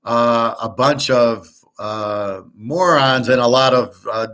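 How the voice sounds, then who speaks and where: A man's voice: mid-range voice, slow, a bit bright. A man from Michigan hosting a casual monologue. He talks in a blunt, profane, rambling way. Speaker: host.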